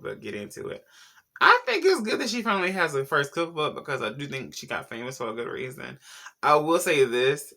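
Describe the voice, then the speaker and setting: Man, celebrity gossip vlog host, sassy and slangy, very lively pitch, bright tone. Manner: sassy, slangy, talks straight to viewers. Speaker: YouTube pop culture host. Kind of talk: casual celebrity gossip commentary.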